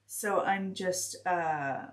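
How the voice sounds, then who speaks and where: A woman teaching a stitching project on a live stream, talking slowly and hesitantly with many pauses and restarts while she works. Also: lowish voice. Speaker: craft teacher.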